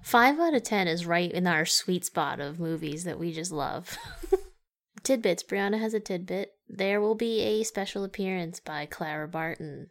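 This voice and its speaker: A woman's voice: fairly low pitch, lively intonation, moderate pace. A woman co-hosting a casual movie podcast, giggly and amused by her own jokes. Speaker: podcast co-host. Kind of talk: casual movie-review chat.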